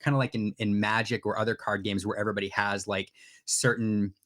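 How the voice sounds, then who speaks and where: A man's voice: fairly low pitch, flat delivery, fairly quick, fairly bright tone. Male host on a video call, loose and rambling, lots of ums. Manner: rambling, many fillers and restarts. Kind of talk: casual livestream chat.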